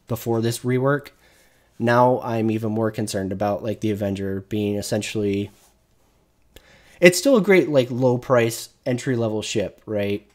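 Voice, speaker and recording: A male streamer rants through a casual gaming commentary, swearing freely and restarting his sentences as he vents. His voice sits at an ordinary middle pitch. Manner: profane, ranting.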